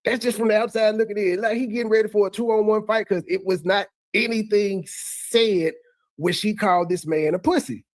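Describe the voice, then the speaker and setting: A man's voice: high voice, steady tone, normal speed, dry recording. A man hosting and recapping a heated online panel, arguing point by point with frequent stammers and restarts. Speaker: host recapping a livestream. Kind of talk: casual commentary.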